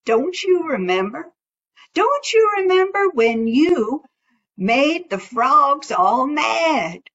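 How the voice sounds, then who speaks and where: A sly, folksy male rabbit trickster, as a woman storyteller puts him on, drawling his schemes in a high, bright voice. The recording sounds dull and lo-fi. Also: sing-song, takes it slowly, full character voice. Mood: scolding.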